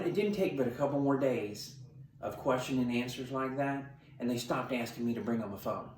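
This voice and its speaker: Recorded from afar in a roomy-sounding space with a little hiss or hum, this middle-aged man talks at a medium pitch with a slightly mellow quality. He's a corrections sergeant offering instructional talk to camera, and his training advice comes across blunt, emphatic and tough.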